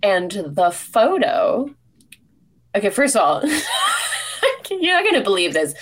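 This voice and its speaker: A woman's voice: mid-range voice, slow. A woman hosting a podcast in casual chat, telling a story with lots of laughter. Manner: animated, laughs often while telling a story. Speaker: podcast host.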